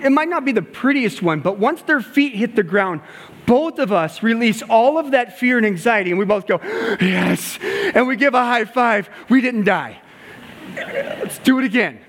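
A man preaching a sermon, telling a story and acting out the dialogue, moving between loud passages and hushed ones. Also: sits high. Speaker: pastor and gymnastics coach. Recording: long hall reverb.

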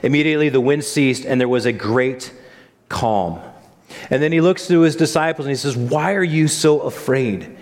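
A man's voice: medium pitch, fairly quick. Reverberant conversational male pastor. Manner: conversational, asks the congregation questions. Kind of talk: sermon. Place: church service.

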